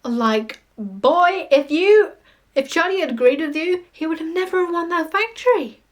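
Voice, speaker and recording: A woman ranting in a casual vlog, animated, sweary and mocking. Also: extremely high pitch, moderate pace. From United Kingdom. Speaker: vlogger. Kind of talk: casual ranting monologue to camera.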